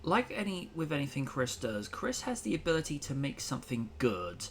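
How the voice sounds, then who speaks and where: A man's voice: medium pitch, big pitch swings, normal speed, a bit bright, slight background noise. Chatty opinionated male host. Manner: opinionated, chatty, with lots of fillers. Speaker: podcast host. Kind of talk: casual chat.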